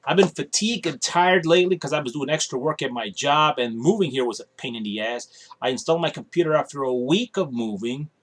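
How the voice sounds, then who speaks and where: A man's voice: on the high side, expressive, a little fast. Tired, chatty man vlogging at home. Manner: chatty, blunt, offhand and complaining. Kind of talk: casual rambling monologue. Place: small room at home.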